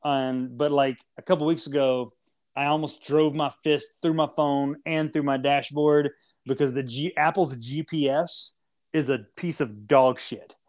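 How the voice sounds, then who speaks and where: A man's voice: on the high side, fairly even intonation, a little slow, a little mellow. A man co-hosting a casual podcast, ranting and joking with lots of swearing and mock insults. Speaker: podcast co-host.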